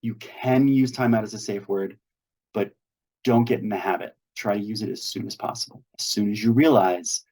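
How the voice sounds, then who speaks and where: A man's voice: lowish voice, fairly even intonation, moderate pace, darkish tone. A man hosting a weekly meetup on a video call, coaching earnestly and acting out sample dialogues. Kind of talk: instructional talk on a video call.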